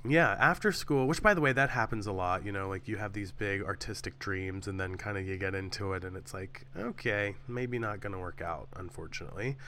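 A man's voice: deep voice, sharp tone, slight background noise. Joking American man co-hosting a podcast. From United States. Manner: jokey, rambling, quick asides. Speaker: podcast co-host. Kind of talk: casual true crime podcast chat.

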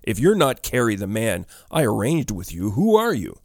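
A man voicing a frightened young woman researcher of about thirty, asking high, breathless, urgent questions. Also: wildly swooping pitch, normal speed, no echo, studio quality, full character voice. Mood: terrified.

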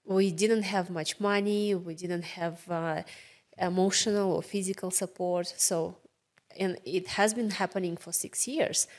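A woman from Russia with a Russian accent, a guest earnestly recounting her childhood in measured English. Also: lowish voice, fairly even intonation, a little mellow. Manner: earnest, measured, slight non-native grammar. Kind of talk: personal storytelling.

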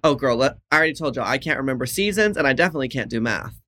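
A woman in casual conversation over a video call. Her voice is bright and her delivery is playful, full of exclamations and laughter. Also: rumbling low, expressive, rapid-fire. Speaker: drag performer guest. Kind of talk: casual chat.

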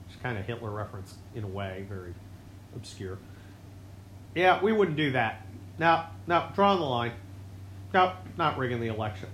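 A man hosting his own show, delivering a rambling, sarcastic political monologue that swings between loud outbursts and low mutters. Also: big pitch swings, moderate pace, pauses often, roomy sound, a little hiss or hum. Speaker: podcast host.

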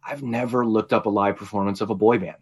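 In a relaxed podcast conversation, this co-host recounts a story with plenty of energy, cursing and laughing often. He has a fairly low, husky, slightly mellow voice, keeping a steady tone at a quick pace.

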